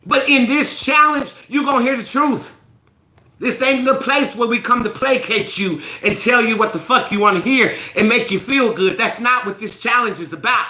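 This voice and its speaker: A woman hosting a self-help live stream, scolding her viewers in a profane, forceful rant. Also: on the high side, moderate pace, echoey room, poor audio.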